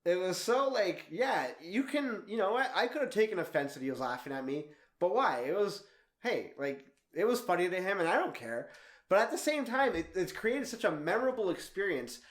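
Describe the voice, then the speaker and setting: A young man in his twenties telling a travel story in a vlog, animated and laughing often as he talks. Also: sits high, moderate pace, reverberant. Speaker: travel vlogger.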